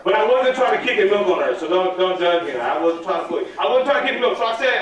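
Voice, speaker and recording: A man giving a lively storytelling talk to a live student audience and calling out for their answers. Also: sits high, fast talker. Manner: animated, calls for audience answers. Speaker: motivational speaker at student workshop. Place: large hall at a live event. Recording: echoey hall from far off.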